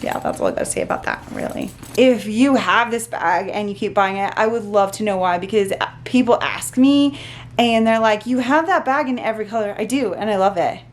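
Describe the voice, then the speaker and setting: A woman vlogging a casual unboxing, gushing and excitable, often talking to herself. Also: mid-range voice, normal speed, a little hiss or hum.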